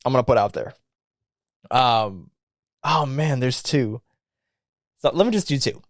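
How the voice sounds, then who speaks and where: A man hosting a casual movie chat, talking in an animated way, acting out quotes and laughing often. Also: mid-range voice, a little slow, no room sound, studio quality. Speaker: podcast host.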